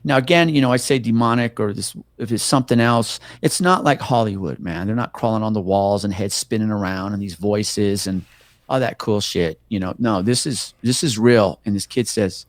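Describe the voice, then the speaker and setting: A middle-aged police officer with a fairly low voice tells a story at normal speed in a casual interview, recorded cleanly in a studio with no echo. He swears a lot and animatedly performs the voices of the people involved.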